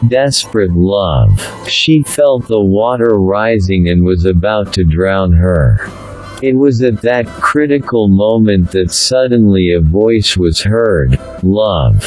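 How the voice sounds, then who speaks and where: A man narrating a fable in a slow, deliberate storybook reading. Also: fairly low pitch, darkish tone, rough recording. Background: faint instrumental music.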